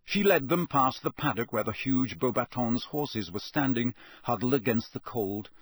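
A male narrator reads a novel at a measured, steady pace. His husky, mid-pitched voice sits close to the mic in a dry, dead recording. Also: no echo. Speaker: audiobook narrator.

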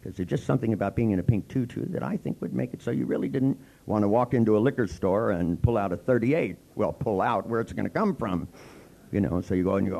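Low gravelly guy telling funny client stories at a seminar, acts out all the voices, kinda raspy. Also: quick pace, poor audio. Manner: wry, animated, acts out every voice. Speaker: seminar speaker and therapist. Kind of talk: comic storytelling lecture.

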